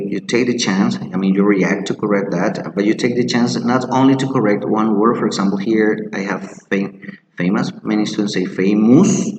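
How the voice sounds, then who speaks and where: A male English teacher, walking through a pronunciation lesson step by step, slowly modeling words and repeating them. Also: on the low side, a little mellow, reverberant, in a large hall, a little hiss or hum, rough recording. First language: Spanish. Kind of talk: screen-share teaching lesson.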